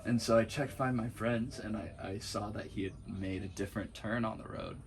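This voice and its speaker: A man telling a road-trip story in a casual, animated way, laughing often as he talks. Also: lowish voice, a little fast, a little hiss or hum. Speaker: support driver for a cross-country bike ride.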